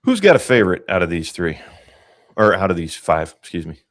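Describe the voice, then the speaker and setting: A man hosting a casual movie podcast, animated and rambling, joking and swearing freely. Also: sits low, a little fast, no room sound, clean studio sound. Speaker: podcast host.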